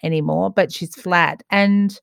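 Middle-aged woman, reflective casual chat, low pitch, dry recording. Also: fairly even intonation, unhurried, creaky, no echo. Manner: chatty, reflective, with restarts. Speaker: podcast co-host.

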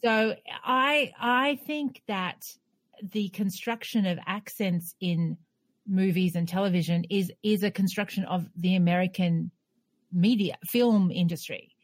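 A woman's voice: mid-range voice, unhurried, dry recording. A woman co-hosting a podcast who argues her opinion firmly in casual chat, laughing along the way.

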